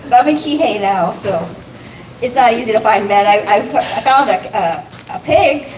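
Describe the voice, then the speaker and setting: A woman's voice: on the high side, expressive, moderate pace, darkish tone. A woman doing a stand-up set, self-deprecating, swearing and laughing at her own jokes. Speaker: stand-up comic. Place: comedy club stage. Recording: echoey room from far off, noisy.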